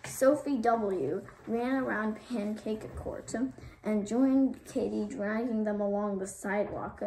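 A woman reading a children's chapter book aloud in a steady, measured narration. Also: mid-range voice. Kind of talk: storybook read-aloud. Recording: roomy, distant mic, faint noise.

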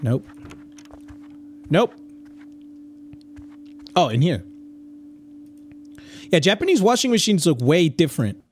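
A man's voice: fairly high pitch, very animated, takes it slowly, long pauses, a little hiss or hum. A man in his thirties doing let's-play commentary, joking and swearing, with Spanish slang thrown in. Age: 30s. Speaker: gaming YouTuber.

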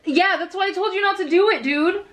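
A woman's voice: very high-pitched, brisk, fairly bright tone. A young woman, the vlogger's sister, chatting casually in a blunt, teasing way. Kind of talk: casual chat.

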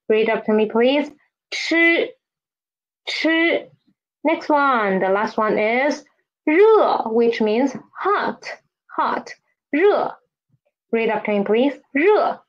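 A woman's voice: fairly high pitch, muffled recording. A woman teaching a beginner Chinese lesson, drilling pinyin sounds with patient repetition and inviting the listener to read after her.

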